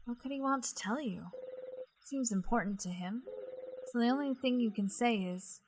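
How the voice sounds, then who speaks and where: Let's-play host, woman, bright and fairly high voice, chatty commentary. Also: expressive, normal speed, a little hiss or hum. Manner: chatty, reads game text aloud. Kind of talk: game playthrough commentary.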